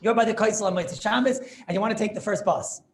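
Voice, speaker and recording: A man a rather high voice leads an informal class, talking in a chatty, animated way and checking that everyone follows. Faint room sound sits behind him. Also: fast talker, a little hiss or hum. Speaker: rabbi teaching a class.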